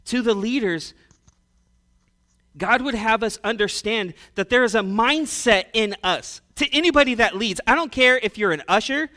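Male pastor, sermon delivery, high and bright, conversational swings between loud and hushed. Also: moderate pace.

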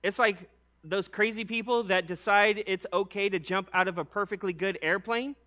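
Bright high-voiced man preaching casually. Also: normal speed. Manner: slangy and conversational, many "like"s; animated storytelling with acted-out voices. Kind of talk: casual sermon.

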